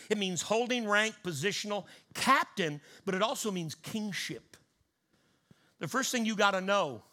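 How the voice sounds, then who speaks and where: A male preacher delivering a fervent sermon, swinging between loud bursts and hushed asides. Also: high voice.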